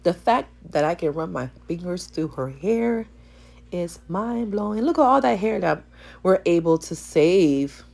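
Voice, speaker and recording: A woman hair stylist with a gravelly morning voice, chatting playfully to viewers in a salon vlog. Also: on the low side, animated, a little slow, a little mellow. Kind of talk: casual voice-over vlog chat. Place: salon suite.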